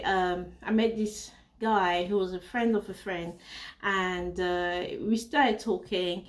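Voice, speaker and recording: A woman vlogger chatting casually to her viewers and telling a personal story, rambling with many fillers and restarts. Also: medium pitch. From Africa.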